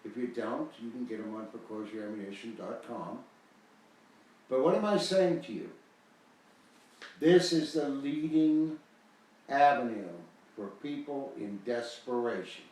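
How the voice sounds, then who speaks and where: A man's voice: medium pitch, unhurried, darkish tone, recorded from a distance, a little hiss or hum. An older American man talks in a loose, folksy way, leaning hard on key words as he rambles. His voice bounces around a very echoey room. The mic sits well away from him. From United States. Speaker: host selling a foreclosure guide. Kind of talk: casual promotional talk.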